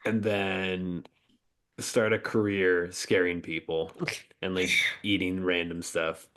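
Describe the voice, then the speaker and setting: A man's voice: sits low, level tone, takes it slowly, a bit bright. A man hosting a podcast, joking and playful in casual chat. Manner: joking, playful, laughs a lot. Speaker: podcast host.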